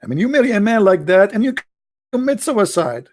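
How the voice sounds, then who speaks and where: This man's voice is high-pitched, very animated and darkish, and he talks fairly quickly. As a livestream host taking calls, he delivers mocking commentary on a religious debate, hurling sarcastic rhetorical questions in non-native English.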